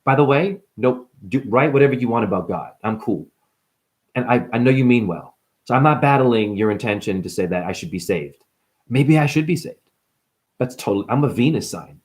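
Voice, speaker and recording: A man speaking in a loose, playful monologue as a spiritual vlogger, often addressing listeners as honey. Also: moderate pace. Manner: animated, swinging pitch, playful, calls listeners honey. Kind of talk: casual monologue.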